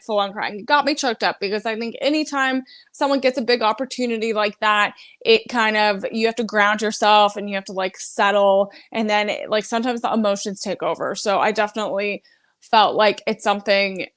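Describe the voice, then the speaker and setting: A woman co-host in a casual chat, talking quickly and thoughtfully with plenty of fillers as she works through her point. Her voice sits at a middle pitch for a woman. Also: a bit bright.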